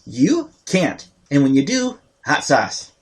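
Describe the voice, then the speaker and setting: A man's voice: fairly high pitch, sing-song, slow. A man in his thirties, a podcast guest, talking bluntly about raising his kids and swearing now and then. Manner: blunt, swears, speaks as a frustrated parent. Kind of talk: casual chat.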